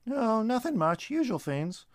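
A man doing a chirpy high cheeky squirrel. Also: sing-song, no echo, studio quality. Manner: quick chirpy chatter. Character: chatty cheeky male squirrel.

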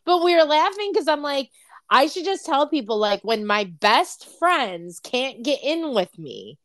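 A woman's voice: high voice, very animated, moderate pace, a bit bright, no echo. A woman co-hosting a podcast remotely, a hairdresser chatting casually and laughing often. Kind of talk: casual chat. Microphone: remote video call.

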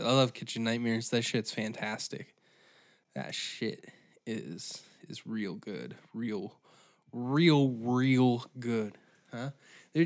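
A man's voice: mid-range voice, fairly bright tone. A man hosting a podcast alone, rambling casually and swearing freely, with a sore, dry throat. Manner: profane, rambling, self-mocking. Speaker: podcast host.

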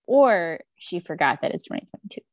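A woman co-hosting a book podcast, talking with quick enthusiasm in casual chat. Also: on the low side, sing-song, darkish tone, no room sound. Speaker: podcast co-host.

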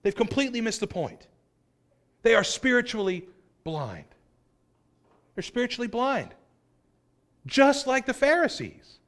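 A man's voice: very high-pitched, sing-song, measured pace, long pauses, a bit bright. A man preaching a sermon in an earnest way, pressing his points with rising emphasis. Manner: earnest, acts out quoted voices, rising emphasis.

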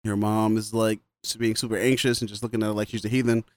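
A man's voice: on the low side, little pitch movement, fast, darkish tone, slight background noise. A man casually recapping a film on a podcast, laughing often and quoting the characters as he goes. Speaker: podcast co-host. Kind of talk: casual movie recap chat.

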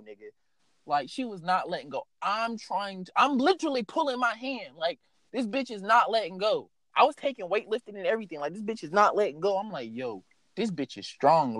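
A young man telling a story in a casual, animated way, swearing freely and filling his speech with "like". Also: sits high, no room sound. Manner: animated, profane, lots of fillers.

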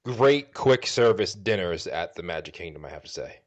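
Low-pitched and expressive, this Boston-accented man co-hosts a podcast at normal speed, chatting in a rambling, jokey way and correcting himself as he goes.

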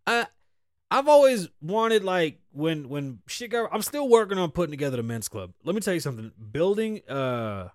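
A middle-aged man hosting a podcast, ranting bluntly with constant cursing, swinging from loud outbursts to low mutters. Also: sing-song, moderate pace, dry recording, clean studio sound. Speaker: podcast host. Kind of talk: profane opinion rant.

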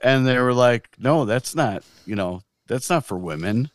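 A man in his fifties co-hosting a podcast, talking in a slow, measured way with many ums as he shares from scripture. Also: mid-range voice, animated, dry recording, studio quality. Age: 50s. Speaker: podcast co-host. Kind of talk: casual chat, teaching from scripture.

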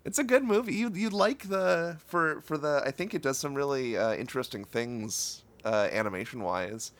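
A man's voice: mid-range voice, animated, moderate pace, a bit bright, dry recording. A man co-hosting a casual podcast, teasing and joking while recovering from an illness. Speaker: podcast co-host. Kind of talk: casual chat.

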